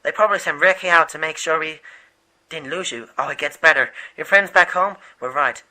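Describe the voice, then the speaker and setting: A man voicing an earnest male rebel volunteer leader in an amateur animated movie, rambling and stumbling over his words. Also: fairly high pitch, a little fast, rough recording. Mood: urgent.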